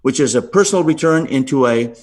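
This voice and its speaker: A middle-aged man, a podcast guest, telling a story with lively swings in pitch and frequent "right?" asides. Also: a little fast.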